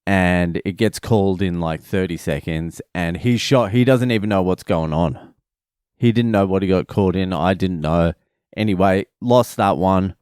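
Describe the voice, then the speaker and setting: A man's voice: low voice, moderate pace, clean tone, no echo, clean studio sound. A man, a father, telling a family story in a casual, profane, rambling vlog. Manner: profane, rambling, animated retelling.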